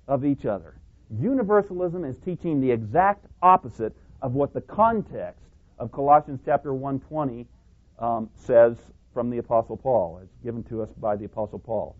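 A man's voice: animated, moderate pace. Emphatic preacher man, tinny phone-like sound. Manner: emphatic, stressing single words with big pitch jumps. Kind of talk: sermon.

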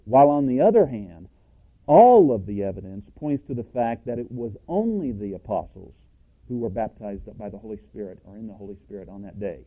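A man's voice: fairly low pitch, very animated, a little fast, husky. A plain-spoken man teaching a scripture-based sermon, emphatic and quizzing his listeners with rhetorical questions. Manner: self-described cowboy, plain-spoken. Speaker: Bible teacher. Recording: tinny phone-like audio.

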